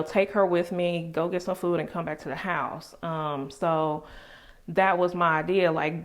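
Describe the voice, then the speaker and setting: A woman telling a personal story on her vlog in an animated, emphatic way, full of casual slang. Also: lowish voice. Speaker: vlogger.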